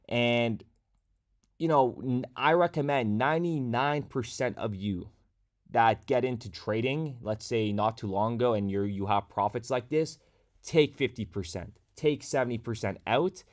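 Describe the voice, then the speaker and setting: A man hosting a casual crypto livestream, chatty and talking straight to his viewers, at a desk microphone in a room at home. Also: medium pitch. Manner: chatty, reads viewer comments aloud.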